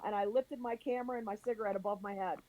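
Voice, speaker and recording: A woman on a video call telling a lively story, acting out what people said and laughing as she goes. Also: mid-range voice, racing, slight background noise, poor audio. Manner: animated, acts out quoted voices, laughs while telling. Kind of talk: casual storytelling.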